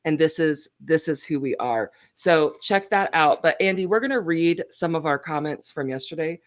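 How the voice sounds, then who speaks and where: A woman with a slightly low voice hosts a casual Bible study chat. She talks in a chatty way and teases with a playful edge. Her delivery is loose and conversational. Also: lively intonation, moderate pace.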